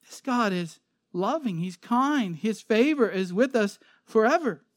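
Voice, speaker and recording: A man's voice: sits high, lively intonation, unhurried, no echo. A man giving an expository sermon, reading scripture aloud and explaining it in an earnest, emphatic way. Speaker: preacher. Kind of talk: sermon, expository Bible teaching.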